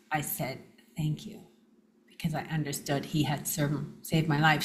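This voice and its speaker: Woman guest telling lively personal stories. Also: on the low side. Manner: animated anecdotes with laughs and quoted dialogue. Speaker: interview guest. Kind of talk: personal storytelling in an interview.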